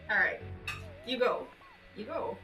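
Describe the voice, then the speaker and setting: A woman's voice: fairly high pitch, expressive, a little slow, distant mic. A woman streaming a game, chatting casually and cooing baby talk at her dog between laughs. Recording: roomy, a bit off-mic, faint game music.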